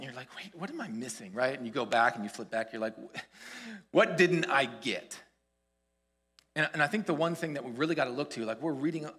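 A man preaching a sermon, retelling a story with animated, acted-out quotes. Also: fairly high pitch, breathy edge. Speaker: pastor. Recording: long hall reverb.

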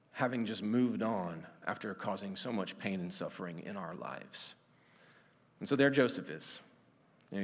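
A man's voice: medium pitch, breathy edge. A man preaching a sermon in an earnest, conversational way, with frequent restarts. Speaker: pastor. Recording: long reverb of a church hall.

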